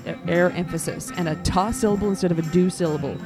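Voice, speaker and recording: A woman's voice: on the low side, fast. A woman giving live feedback to a concert band, encouraging them and singing phrases to show how they should sound. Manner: encouraging, sings phrases to demonstrate. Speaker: band adjudicator. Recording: loud band music behind voice. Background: concert band playing.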